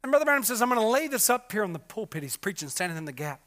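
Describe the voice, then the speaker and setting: Man, preacher, sermon, high-pitched, ringing bright tone, repetitive, many fillers. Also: big pitch swings, rapid-fire. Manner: impassioned, swings from loud cries to hushed murmurs.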